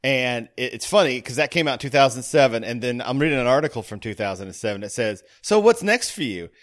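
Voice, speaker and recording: A man's voice: medium pitch, fast talker, a bit bright. A man hosting a podcast in casual chat, jokey and rambling, laughing a lot. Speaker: podcast host.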